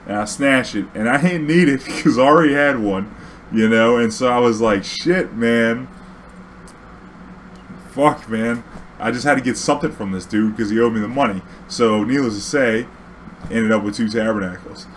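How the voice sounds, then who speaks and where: A young man telling a story casually, profane and animated, acting out dialogue. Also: medium pitch, fairly quick, a little hiss or hum.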